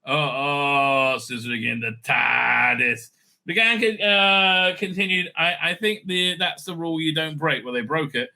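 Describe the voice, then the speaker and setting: A man's voice: on the high side, a little slow, few pauses, pushed and bright, smooth. A man hosting a channel, giving sarcastic, profane commentary over clips and dropping into exaggerated mocking voices.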